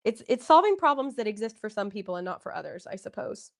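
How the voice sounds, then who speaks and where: A woman's voice: mid-range voice, sing-song, fast talker, creaky. Chatty, encouraging woman hosting a livestream. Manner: chatty and encouraging, reads viewer comments aloud. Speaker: livestream host. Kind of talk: casual livestream chat.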